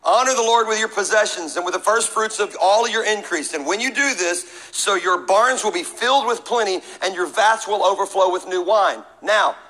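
A middle-aged man preaching a sermon in a high, bright voice. He mixes scripture reading with jokes and calls for the congregation to answer back. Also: moderate pace, hardly any pauses, rough recording. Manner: preaching with humor and call-and-response. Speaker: pastor.

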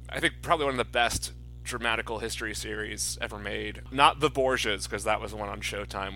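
A man's voice: mid-range voice, sharp tone, slight background noise, rough recording. A man co-hosting a movie podcast, explaining his views in an opinionated way. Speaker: podcast co-host. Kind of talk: casual movie review chat.

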